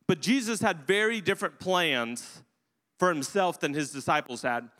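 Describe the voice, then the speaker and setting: A man's voice: fairly high pitch, normal speed, sharp tone, long reverb tail. A man preaching a sermon as a pastor, telling the story in a casual, humorous way.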